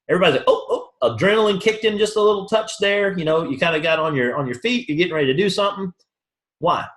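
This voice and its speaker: A man giving a motivational sales training talk to a room, acting out both sides of the conversations he tells about. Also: on the high side. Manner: animated storytelling, acts out both sides of conversations. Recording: roomy echo.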